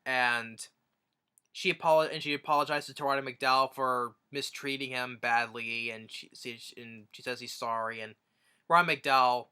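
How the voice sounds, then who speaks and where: A man's voice: mid-range voice, fairly even intonation, normal speed, sharp tone, clean tone. A man casually retelling a movie's plot as a reviewer, rambling with many restarts. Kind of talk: casual film review recap.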